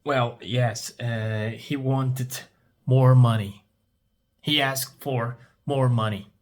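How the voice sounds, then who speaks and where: In a story-based speaking exercise, a man who grew up speaking Turkish asks English questions, says each one again, and answers it himself. His mid-range delivery is slow and fairly even in intonation.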